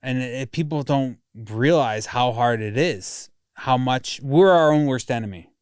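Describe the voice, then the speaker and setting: A man's voice: medium pitch, unhurried, darkish tone, clear, resonant tone, dry recording, studio quality. A man in his thirties talking candidly in a casual podcast conversation, rambling and swearing often.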